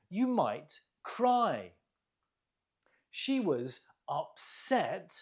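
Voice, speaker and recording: An English teacher runs an online vocabulary lesson at an unhurried, very slow pace, giving each word and each bit of praise plenty of room. The voice swings widely in pitch and sounds animated. Each word gets drilled with deliberate stress, followed by encouraging praise.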